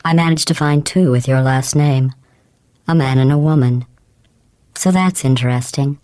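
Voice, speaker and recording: Game AI voice, low, smooth and synthetic, deadpan, mocking, dry studio. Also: female voice, moderate pace, no echo. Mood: cold mocking. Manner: dry mocking insults delivered calmly. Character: cold sarcastic female AI computer. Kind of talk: video game voice acting. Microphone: clean dry studio recording.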